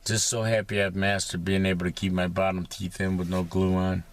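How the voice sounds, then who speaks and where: A man's voice: deep voice, steady tone, normal speed. A man rambling in a casual monologue from inside his parked vehicle, profane and sarcastic, with many fillers. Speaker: vlogger.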